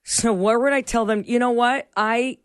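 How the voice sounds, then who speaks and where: A woman's voice: a little high, fairly even intonation, moderate pace, clear, resonant tone, no room sound, clean studio sound. A woman co-hosting a radio show in casual chat, rambling and searching for words as she goes. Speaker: radio co-host. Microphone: studio microphone.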